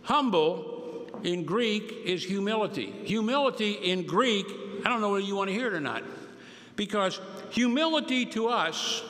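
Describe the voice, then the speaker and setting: An older man preaching a folksy, joking sermon with slow, emphatic stresses. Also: sits high, expressive, fairly bright tone. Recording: long hall reverb.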